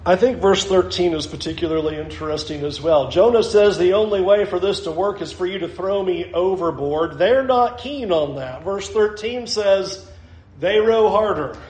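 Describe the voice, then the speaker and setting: A man's voice: high voice, moderate pace, darkish tone, roomy sound, low-quality recording. A man preaching a sermon as pastor, emphatic, repeating phrases and asking the listeners questions.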